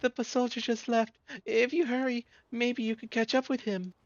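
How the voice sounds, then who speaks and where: A man's voice: very high voice, little pitch movement, normal speed, no room sound, pitched above the performer's own voice. A man voicing an earnest young village boy who eagerly gives directions, with a helpful manner, over a dull lo-fi game capture.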